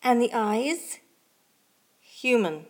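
A dutiful starship co-pilot with crisp, obedient replies, spoken at a slow pace, as a woman narrator voices the role in a sci-fi audio story. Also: medium pitch, expressive, voice pushed up.

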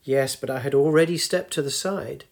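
In a storybook reading, a man with a gravelly mid-range voice close to his everyday one, at a moderate pace, plays a grumpy, wry ninety-two-year-old woman. She's tart and teasing, lecturing the young.

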